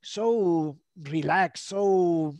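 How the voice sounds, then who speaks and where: Emphatic high-voiced man, dry sound. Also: drawn-out words, a little mellow, no echo. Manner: emphatic, repeats "you know". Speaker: co-host. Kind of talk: casual chat.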